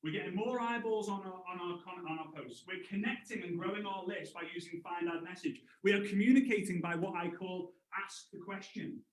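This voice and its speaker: A man in his thirties leads an upbeat sales training. His voice sits high for a man and jumps around as he tells stories. The room leaves a noticeable echo on every word. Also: brisk, few pauses. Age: 30s. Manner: energetic storyteller, acts out voices with big jumps. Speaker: network marketing trainer. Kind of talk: live motivational sales training.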